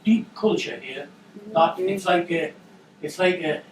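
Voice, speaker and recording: A man's voice: fairly high pitch, unhurried, a little hiss or hum. A man hosting a book launch, talking in a rambling, jokey way with lots of restarts. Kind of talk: casual public remarks. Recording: echoey room from far off.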